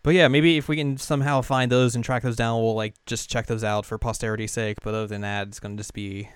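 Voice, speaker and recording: Man, podcast co-host, relaxed halting chat, smooth voice, dry close sound. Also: mid-range voice, dry recording. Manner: laid-back, halting, many fillers like "like". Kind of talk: casual chat.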